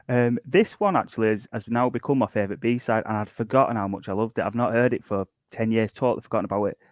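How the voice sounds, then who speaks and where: Man, low voice, dry sound, halting, lots of uhs, casual podcast guest. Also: dry recording. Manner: hesitant, many uhs and ums while listing songs. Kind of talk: casual chat.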